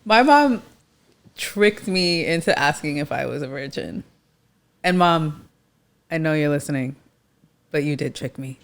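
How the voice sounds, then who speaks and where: A woman in her thirties co-hosting a podcast, telling a story in an expressive, casual way. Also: deep voice, measured pace, long pauses. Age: 30s. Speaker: podcast co-host. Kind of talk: casual chat.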